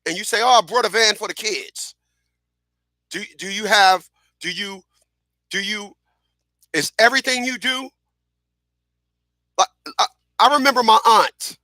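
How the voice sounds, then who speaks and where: A middle-aged man hosts a radio show with a high-sitting voice, speaking unhurriedly with long pauses. In a casual, animated storytelling monologue, he repeats phrases and acts out what people said, all in clean studio sound with no echo.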